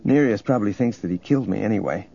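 A calm young jedi who speaks with quiet assurance, read by a man in his own husky voice. The audiobook recording is dull and a little muffled. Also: fairly low pitch, quick pace, heavily acted.

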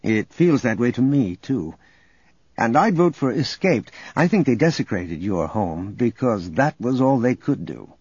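A man voicing a calm, protective young male hero who speaks low and measured. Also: slightly rough, no room sound. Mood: gentle. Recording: dull audio under loud music.

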